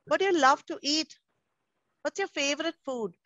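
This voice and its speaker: This is a woman with an Indian English accent leading an online class for small children. Her voice sits high and bright, close and dry. The sound comes through a muffled video call as she coaxes each child affectionately. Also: moderate pace, no echo. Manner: coaxing, affectionate, calls children darling. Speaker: pre-school teacher.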